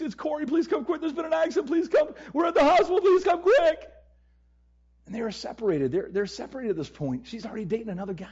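A middle-aged pastor tells a story from the pulpit in a mellow, slightly raised voice. He speaks earnestly and acts out the urgent pleading of the people in it. The recording sounds dull and lo-fi. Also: a little high, husky. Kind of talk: sermon storytelling.

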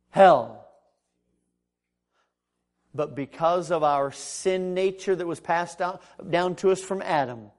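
High-voiced man preaching. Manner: preaching with swings between loud proclamation and quiet speech; acts out dialogue in the story. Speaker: pastor. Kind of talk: sermon.

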